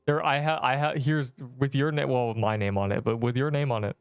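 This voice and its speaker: A man's voice: medium pitch, steady tone, a little fast, smooth, no echo. A man streaming a game, chatting casually and rambling in exasperated banter with his viewers, full of slang. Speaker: gaming streamer. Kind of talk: casual livestream chatter while playing.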